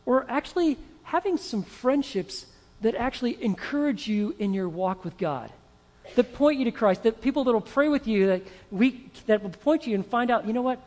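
High-voiced man preaching in a hall. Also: normal speed. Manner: animated storytelling, acting out voices. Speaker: pastor. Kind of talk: sermon.

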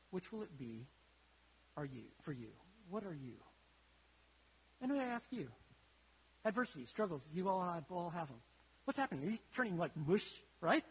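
A man preaching a sermon to his congregation, emphatic, his voice swelling and then dropping low for effect. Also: fairly bright tone, breathy edge. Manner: emphatic, rises and drops sharply for effect. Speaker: pastor. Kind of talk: sermon with a story. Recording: long hall reverb.

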